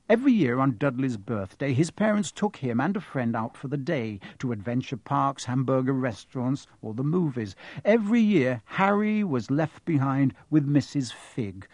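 A man reading a novel aloud as an audiobook, in an expressive, animated storytelling manner. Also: mid-range voice, no room sound. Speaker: narrator. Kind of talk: audiobook narration.

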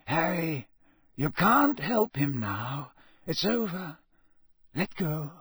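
A man voicing a calm, very old headmaster. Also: on the high side, slow, slightly rough, no room sound, clean studio sound, voice pushed up, exaggerated voice. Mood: soothing. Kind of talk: audiobook character voice.

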